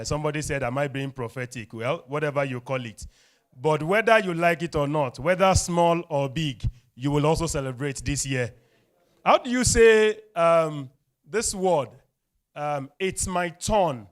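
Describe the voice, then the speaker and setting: A man with a Nigerian English accent emcees a live event with energetic call-and-response. His voice is smooth and clear and sits a little high. He sounds upbeat and draws the crowd along. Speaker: event host. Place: event hall.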